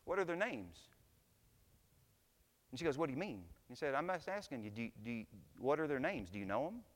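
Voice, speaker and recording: A man preaching a sermon to his church, telling stories and building to loud, impassioned climaxes. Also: medium pitch, big pitch swings, fast talker, big-room sound. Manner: preaching, swells to shouts at climaxes. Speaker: pastor. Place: church sanctuary.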